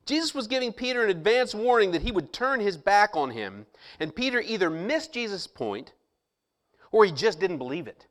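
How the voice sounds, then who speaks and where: A man preaching a sermon, reading scripture slowly and emphatically and pausing dramatically around rhetorical questions. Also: high-pitched, big pitch swings, a bit bright.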